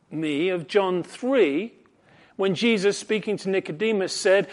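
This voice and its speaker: Male preacher, high-pitched voice, earnest, builds emphasis through an expository sermon. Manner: earnest, emphatic, slows on scripture quotes.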